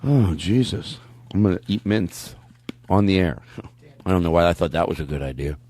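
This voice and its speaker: A man's voice: low voice, animated, normal speed, dark tone. A man hosting a comedy podcast, chatting in a rambling, goofy, self-interrupting way. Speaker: podcast host. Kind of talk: casual comedic chat.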